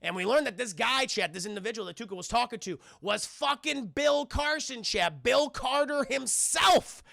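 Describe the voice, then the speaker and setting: A man's voice: very high-pitched, normal speed, vocal fry, hardly any pauses, no echo, clean studio sound. A man casually recapping a film for his live chat, swearing a lot and acting out the characters in voices. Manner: profane, excitable, acts out scenes in voices. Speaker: film reviewer streaming to chat.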